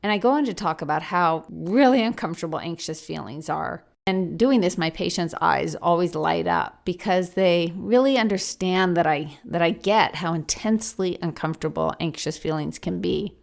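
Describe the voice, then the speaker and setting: Woman podcast host, lowish voice. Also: normal speed, vocal fry, hardly any pauses. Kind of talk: informative podcast talk.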